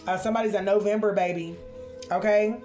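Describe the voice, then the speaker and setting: Expressive woman giving a spiritual card reading. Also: mid-range voice, faint music behind. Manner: expressive, drawn-out exclamations, addresses viewers as honey and y'all.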